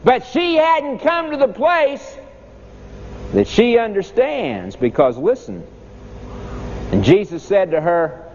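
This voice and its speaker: A man's voice: high-pitched, very animated, takes it slowly, pauses often, darkish tone. A man preaching a sermon, emphatic, with dramatic rises and falls in his voice. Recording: echoey hall, dull lo-fi sound, faint noise.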